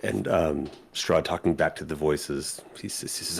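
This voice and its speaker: A man's voice: a bass voice, moderate pace, vocal fry, slight background noise. A man narrating a tabletop horror game as game master, hesitant with many fillers and frequent laughs. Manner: hesitant, full of ums and likes, laughs often.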